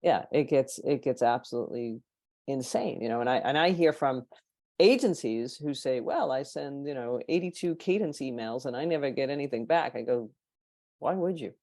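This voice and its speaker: Low-voiced woman telling lively stories. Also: normal speed, no echo. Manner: animated, acts out quoted people. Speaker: podcast guest, marketing consultant. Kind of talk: storytelling in casual chat.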